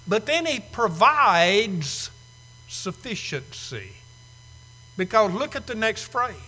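A man's voice: extremely high pitch, very animated, slow pace, pushed and bright. A man in his sixties preaching a sermon, putting heavy stress on key words by drawing them out and firing rhetorical questions at the congregation. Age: 60s. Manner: asks the audience rhetorical questions. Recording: echoey hall.

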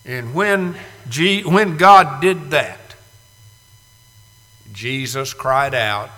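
A man in his sixties preaching a dramatic sermon, moving from hushed, slow passages to loud cries. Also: medium pitch. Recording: reverberant hall.

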